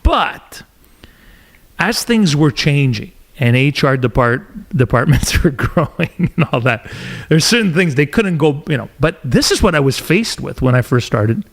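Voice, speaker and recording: A middle-aged man from Montreal, a podcast host telling a story in casual interview chat with animated, emphatic delivery. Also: a little high, measured pace. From Montreal, Canada.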